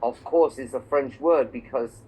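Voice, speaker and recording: A man's voice: medium pitch, a little slow, darkish tone, a little hiss or hum, rough recording. A man from England teaching a one-on-one English lesson, explaining patiently with examples and checking that his student follows. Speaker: English tutor.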